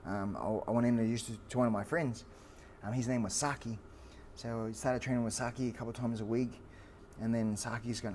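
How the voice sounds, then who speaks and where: Animated Australian man telling a story. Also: medium pitch, a little fast, hardly any pauses, slight background noise. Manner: animated storyteller with frequent fillers and restarts. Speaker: guest, fighter. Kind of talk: storytelling in an interview.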